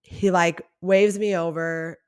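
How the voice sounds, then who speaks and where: Woman podcast host, slightly low voice, candid and chatty personal storytelling. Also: steady tone, slow pace, smooth. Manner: chatty and confessional, heavy use of "like".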